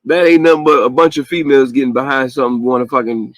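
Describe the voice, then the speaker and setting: A man's voice: mid-range voice, fairly even intonation, fast, no room sound, rough recording. A man hosting a podcast, ranting bluntly in casual slang with heated asides and frequent laughs. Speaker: podcast host. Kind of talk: casual profane rant.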